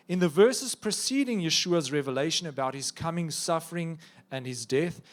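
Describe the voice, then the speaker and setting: A man preacher giving a sermon, telling the story vividly with joking asides. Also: high voice.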